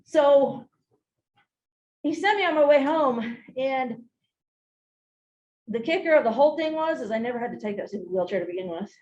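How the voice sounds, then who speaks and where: A woman giving a training talk, telling a story in an animated way and speaking straight to the audience. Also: high voice, moderate pace, long pauses, lo-fi sound. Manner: animated, laughing, addresses the audience directly. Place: large room with an audience. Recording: echoey room, voice from a distance.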